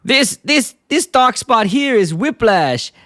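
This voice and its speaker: A man imitating a shady, cheerful male cartoon doctor in a high, slow, drawn-out comic voice. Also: big pitch swings, fairly bright tone, no echo, clean studio sound, heavily acted. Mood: gleeful.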